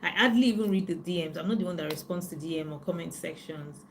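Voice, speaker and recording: A woman, a life coach chatting with viewers on a live stream, telling stories in an animated way. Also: lowish voice, fast, slight background noise. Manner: chatty, animated storytelling with frequent "you know".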